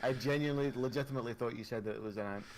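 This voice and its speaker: A man's voice: medium pitch, racing, crowd noise. A man joking and chatting with friends as a player on a voice call. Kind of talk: casual voice chat. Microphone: mic on a voice call.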